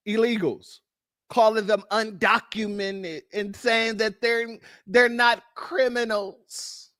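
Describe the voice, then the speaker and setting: A man's voice: high-pitched, a bit bright, dry recording, studio quality. A man hosting political commentary, blunt and mocking, firing off rhetorical questions. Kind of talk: ranting commentary on news clips.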